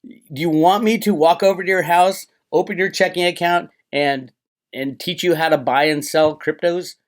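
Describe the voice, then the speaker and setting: A man's voice: a little high, steady tone, normal speed. A man hosting his own channel, delivering a heated, profane, sarcastic solo rant to his viewers. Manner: agitated, profane, sarcastic, ranting. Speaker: crypto commentator and channel host.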